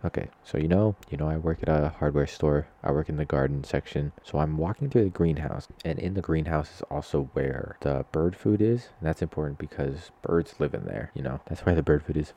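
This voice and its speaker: A man's voice: extremely low pitch, creaky, mellow. A young man hosting his own podcast, chatting casually and rambling through stories in a self-deprecating way. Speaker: podcast host. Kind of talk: casual solo podcast storytelling.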